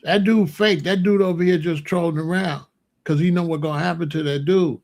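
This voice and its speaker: Guy going off on stream, gravelly voice on the higher side, blunt and confrontational. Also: steady tone, fairly quick, a little mellow. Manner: confrontational, blunt street slang. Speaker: commentary streamer. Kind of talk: heated streaming commentary.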